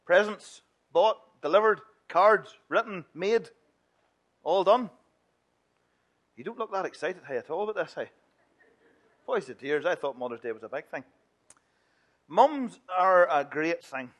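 A chatty man leading a children's talk at church, his voice sitting fairly high for a man. He jokes with the children and slips into whiny kid voices. The delivery stays playful and lively. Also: measured pace, long pauses.

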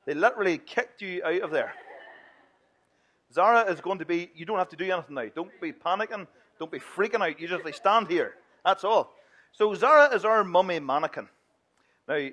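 A man's voice: on the high side, lively intonation, normal speed, fairly bright tone. A man leading a playful children's talk in church. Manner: playful and chatty, mimicking whiny children.

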